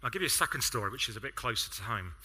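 Bright-voiced English preacher. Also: male voice, medium pitch, animated, very fast, slightly rough. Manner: conversational storytelling, self-deprecating asides. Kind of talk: sermon.

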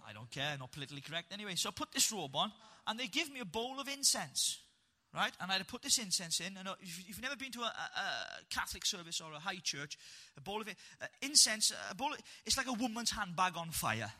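Lively Welsh man preaching his story. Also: high voice, fast talker, hardly any pauses. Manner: animated storyteller, punchy and humorous. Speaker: preacher telling his testimony. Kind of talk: testimony to a live audience.

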